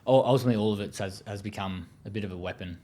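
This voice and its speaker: A man's voice: lowish voice, rapid-fire, warm tone, a little hiss or hum. An Australian man speaking as an interview guest, telling his story in a blunt, profane, casual way with many fillers.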